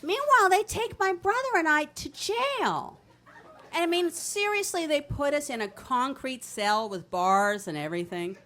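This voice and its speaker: Speaking at a moderate pace in a high-pitched voice, this New Jersey woman in her fifties stands at a city venue's storytelling stage. She delivers her true story into the mic with brash, animated comedy.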